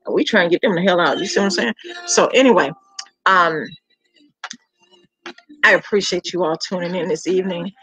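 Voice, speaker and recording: A woman's voice: on the low side, a little fast, long pauses, fairly bright tone, slightly rough, no echo, low-quality recording. A woman hosting her home cooking channel, chatting casually and folksily with viewers and calling them honey and child.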